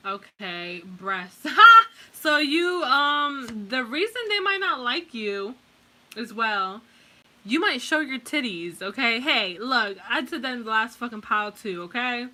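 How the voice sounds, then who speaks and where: Young female tarot reader, loose and foul-mouthed, bright tone. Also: on the high side, expressive, measured pace. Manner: casual, profane, rambling with many fillers. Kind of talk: casual tarot reading.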